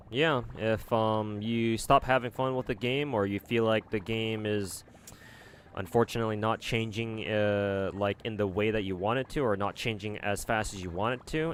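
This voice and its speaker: A man's voice: lowish voice, moderate pace, slight background noise. A man streaming live, chatting casually to his viewers and rambling with many fillers.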